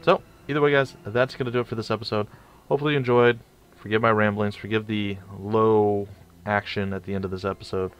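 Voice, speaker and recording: A man's voice: on the low side, fairly even intonation, fast, clean tone. A young man casually commentating his strategy game, rambling and stumbling over his words. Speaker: let's play host.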